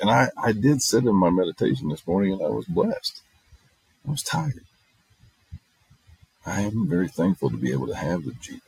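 A man's voice: on the low side, darkish tone, no room sound, low-quality recording. A middle-aged man hosting a casual monologue, telling stories in a blunt, profane way. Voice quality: gravelly, husky. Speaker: podcast host.

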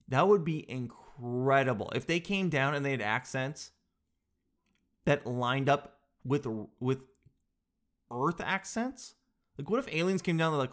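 A man's voice: mid-range voice, expressive, moderate pace, a bit bright. A young man hosting a casual solo show, rambling and joking in a slangy way. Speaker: podcast host.

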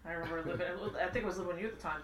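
A woman's voice: on the low side, racing, slight background noise. A woman telling family stories in casual chat, laughing often as she talks. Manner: laughing, animated storytelling. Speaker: storyteller among family. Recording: roomy, distant mic with crowd.

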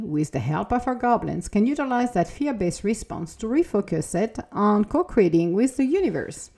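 A woman hosting her own podcast, giving a reflective self-help talk in an expressive, conversational way. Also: mid-range voice. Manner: expressive, conversational, acts out inner voices. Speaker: podcast host.

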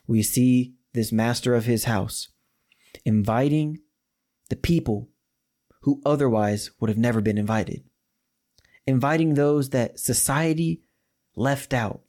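A man's voice: medium pitch, slow, pauses often, mellow. A young man preaching a sermon, retelling scripture in casual, slangy everyday talk. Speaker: pastor.

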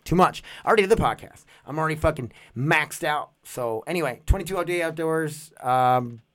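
A man's voice: a little high, a little fast, fairly bright tone, dry recording. A man hosting his own podcast, rambling in a goofy, profane, casual way. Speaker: podcast host.

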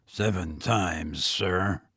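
A man voicing an anxious, polite elderly gamekeeper who speaks slowly and lower than the narration. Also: bright, forceful tone, breathy edge, no echo, studio quality, heavily acted. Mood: deferential. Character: deferential old male gamekeeper.

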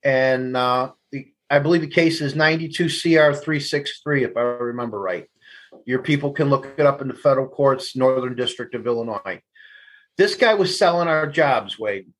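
A man's voice: medium pitch, normal speed, poor audio. A man, a guest telling blunt, profane stories in an interview. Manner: blunt, profane, laughs through anecdotes. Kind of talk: candid storytelling interview.

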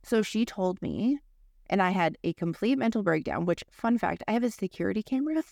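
A woman's voice: mid-range voice, lively intonation, a little fast, creaky, darkish tone, no echo, clean studio sound. A woman in her thirties co-hosting a podcast, telling a personal story in a candid, profane, conversational way. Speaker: podcast co-host. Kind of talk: casual conversation.

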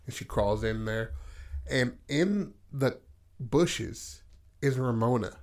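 A man casually pitching a story idea in loose, profane talk, acting out the characters' lines. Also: a little slow, darkish tone. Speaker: podcast host.

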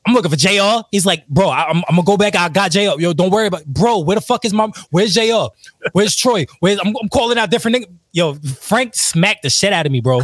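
A man's voice: high voice, animated, quick pace, dry recording. A man, a rapper, telling a wild story in casual chat, slangy and laughing often.

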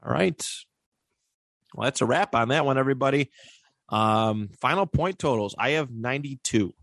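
A man hosting a casual sports podcast, reading out stats with pauses and filler words. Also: mid-range voice, lively intonation, vocal fry, fairly bright tone, dry recording, clean studio sound. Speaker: podcast host.

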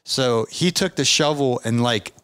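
A man hosting a casual interview, telling stories in a lively way and acting out other people's lines. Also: mid-range voice, a little slow, smooth, dry recording. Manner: animated storyteller, does voices in anecdotes. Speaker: podcast host.

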